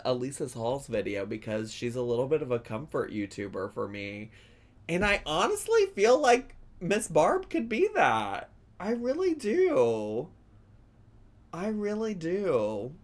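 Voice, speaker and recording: A man talking to his audience in a loose, emotional reaction commentary. He swears freely and his pitch moves in lively swings. His talk is casual and chatty. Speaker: YouTube host reacting to a video.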